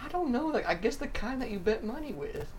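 A man playing a meek, slow-witted young man who rambles haltingly in an improvised role-play. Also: very high voice, sing-song, faint music behind, voice pushed up.

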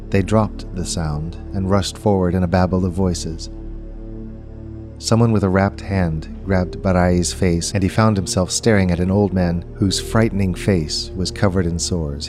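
A man reading a story aloud as narrator, in a measured, unhurried storytelling manner. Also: low voice. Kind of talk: scripted audiobook narration.

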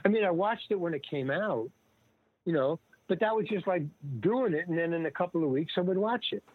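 An older man, an interview guest, telling stories in a rambling, casual way, full of restarts and lively retold dialogue. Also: sits high, fairly quick, dry recording. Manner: rambling, with many restarts and animated retelling of dialogue. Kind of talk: casual storytelling. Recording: dry, tinny phone-like line.

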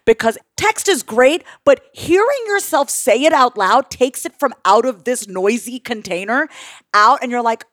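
Blunt animated woman coach. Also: on the high side, normal speed, dry recording, studio quality. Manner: animated, blunt, casual swearing. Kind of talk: podcast conversation.

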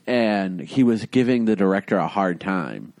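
A man's voice: deep voice, expressive, moderate pace, darkish tone, no room sound. A man co-hosting a casual film chat, playfully stubborn and telling rambling anecdotes. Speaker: podcast co-host. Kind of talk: casual chat about films.

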